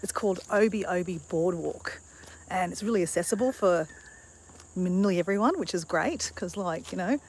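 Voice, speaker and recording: A woman's voice: on the low side, normal speed, darkish tone, a little hiss or hum, low-quality recording. Chatty woman live-streaming outdoors. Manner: bubbly, chatty, laughs often. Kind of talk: casual live-stream vlog. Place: outdoor boardwalk in bushland.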